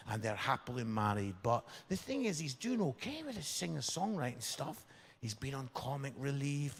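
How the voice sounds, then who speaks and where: A Scottish man in his fifties, a pastor telling comic stories in a sermon, animated and tagging his lines with "yeah?". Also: mid-range voice, gravelly. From Scotland. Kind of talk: sermon storytelling. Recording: reverberant church hall.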